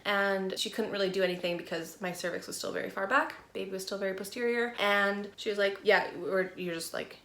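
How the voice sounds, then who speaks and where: A woman's voice: mid-range voice, little pitch movement, quick pace, hardly any pauses, a bit bright, echoey room. A young woman talking candidly and emotionally to camera in a casual vlog, tearful and rambling. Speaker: vlogger. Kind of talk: casual chat.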